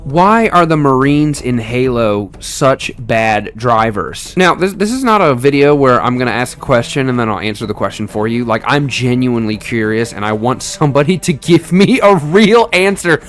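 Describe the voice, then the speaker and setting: Young guy gaming youtuber, laughy and chatty, mid-pitched voice, soft music under him. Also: animated, moderate pace, few pauses. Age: 20s. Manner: chatty, laughs often while explaining. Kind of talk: casual gaming commentary.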